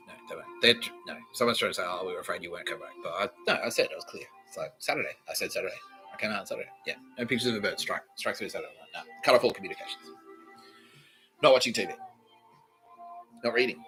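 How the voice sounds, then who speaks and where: A man's voice: fairly low pitch, pushed and bright. Rambling, profane man. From Australia. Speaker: podcast host. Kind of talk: rambling monologue.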